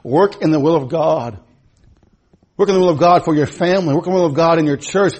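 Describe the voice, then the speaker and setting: Husky preacher man, loud then hushed. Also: brisk. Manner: swings from loud shouting to quiet low asides, stammers and repeats words. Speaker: pastor. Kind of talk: sermon. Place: church.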